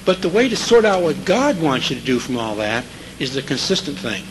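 A man's voice: mid-range voice, lively intonation, brisk, background noise. A man preaching a sermon in a conversational way, checking in with his listeners and repeating key scripture phrases for emphasis.

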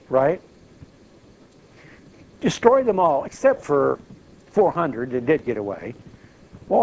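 A man's voice: fairly high pitch, vocal fry, a little mellow, slight background noise, rough recording. An older man preaching a sermon, telling the story in a folksy, emphatic way.

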